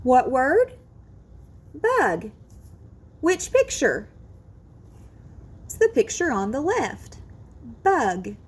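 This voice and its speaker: A kindergarten teacher, a woman, talks slowly and gently, stretching each sound so small children can follow. Her voice sits high and bounces around with lots of melody. A soft, slightly breathy edge runs through it. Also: wildly swooping pitch. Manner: drawn-out, exaggerated sounding out of words, sing-song encouragement. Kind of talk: slow, careful phonics lesson for young children.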